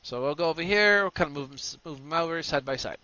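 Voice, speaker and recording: A man hosting a screen-recorded software tutorial, walking through steps with energetic, punchy instructions. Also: a little high, fast talker, lo-fi sound. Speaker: tutorial host.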